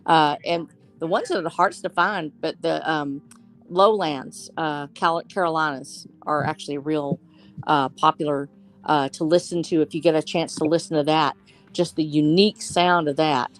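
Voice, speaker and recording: A woman's voice: low-pitched, fairly even intonation, normal speed, faint music behind. A woman from Texas chatting enthusiastically in a writers' discussion and thinking aloud as she talks. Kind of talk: casual chat.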